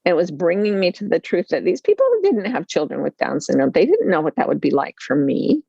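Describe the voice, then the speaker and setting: Lively storytelling woman, dull call audio. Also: fairly low pitch, a little fast, creaky, breathy edge, no room sound. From Utah, USA. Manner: lively, self-deprecating humor, acts out quoted voices. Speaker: author and life coach. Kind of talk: candid storytelling interview.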